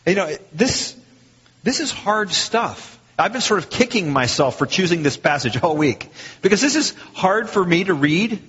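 A man preaching a sermon in a relaxed, talky way, with a husky, fairly high voice that swoops up and down a lot. His speech rings out into a long hall echo, and the recording sounds dull and muffled. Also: normal speed. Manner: conversational, animated, acts out quoted lines.

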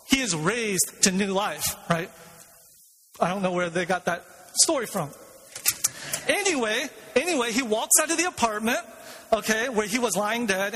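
A male pastor preaching a sermon in a church, asking the congregation questions and telling stories in a lively way. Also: sits high. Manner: retells a film scene with lively storytelling. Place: church sanctuary. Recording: long reverb of a large hall.

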